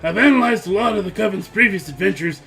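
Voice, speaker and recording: A man's voice: high-pitched, lively intonation, vocal fry, fairly bright tone, heavily acted. A man voicing a bossy, self-assured young female witch with a military background, reading a visual novel aloud on stream. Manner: brisk, self-assured, pushy.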